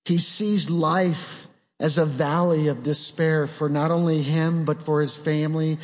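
A man preaching a sermon in an earnest way, asking rhetorical questions and dropping his voice low on key words. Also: fairly even intonation, a little slow. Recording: long hall reverb.

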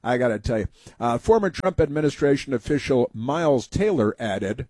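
A man hosting a talk radio show at a medium pitch, his delivery sarcastic and scornful. He trips over filler sounds as he rants. The studio sound is completely dry. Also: expressive, normal speed, dark tone, breathy edge, dry recording.

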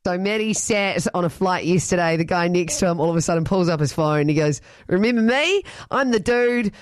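A woman with a New Zealand accent co-hosting breakfast radio, bubbly and quick to laugh. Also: fairly low pitch, fairly even intonation, no echo, studio quality. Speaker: radio co-host.

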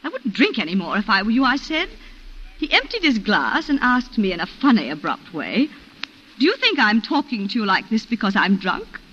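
An actress playing a refined colonial wife who tearfully recounts a shooting, in a 1940s radio drama style. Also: female voice, a little high, very animated, normal speed, pushed and bright, a little hiss or hum. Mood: distraught. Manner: breathless, emotional, refined. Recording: muffled old radio recording.

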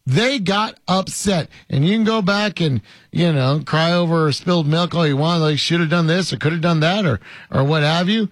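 A man talks sports in a casual, conversational way, full of "uh"s and emphatic repeats. His voice sits a little high, and the recording is dry and close. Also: brisk, dry recording. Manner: conversational, many fillers, emphatic repetition. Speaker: sports talk host. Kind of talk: casual sports radio chat.

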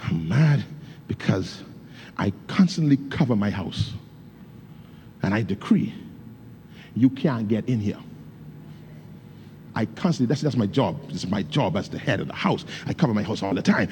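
A husky, slightly mellow, fairly low-pitched pastor preaches expressively at normal speed, pausing often. Fervent and loose with grammar, he tells stories, calls out to the congregation and breaks into tongues.

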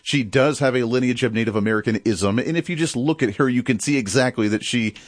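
A man's voice: medium pitch, fast talker, dry recording. A man from the United States hosting a political talk show, delivering an opinionated, sarcastic monologue.

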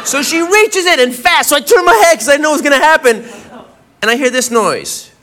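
A man doing stand-up comedy, telling a story with animated delivery and acting out the other voices. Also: extremely high pitch, brisk, background noise. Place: comedy club stage. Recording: comedy club with loud crowd laughter.

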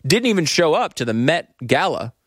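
Animated, jokey male talk show host. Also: on the high side, moderate pace, no echo, studio quality. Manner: animated, jokey, reads sponsor copy. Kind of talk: casual talk show banter with ad reads.

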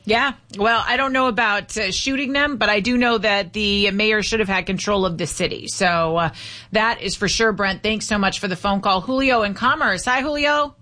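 A woman hosting a talk radio show, upbeat and brisk. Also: mid-range voice, pushed and bright.

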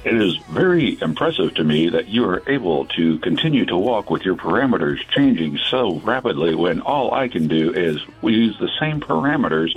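A man doing a low, flat robot. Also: moderate pace, few pauses, husky, soft background music, full character voice, rough recording. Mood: deadpan. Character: stiff male robot, earnest and formal.

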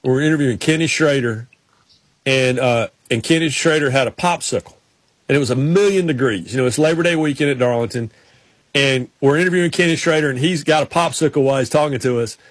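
A man's voice: mid-range voice, fast, no echo. A man hosting a casual chat, telling rambling stories with many restarts. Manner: rambling storyteller, frequent restarts. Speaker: podcast host.

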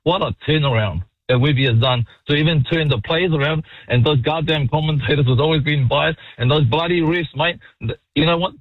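A New man calling into a sports radio show, excitable, swearing freely and calling everyone mate. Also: on the high side, a little fast, no echo. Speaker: caller. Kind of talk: radio call-in. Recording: muffled phone-in line.

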